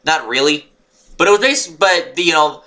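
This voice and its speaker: A man rambling through a wrestling show review, excitable and swearing, sometimes yelling when annoyed. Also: a little high, normal speed. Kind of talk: unscripted recap monologue.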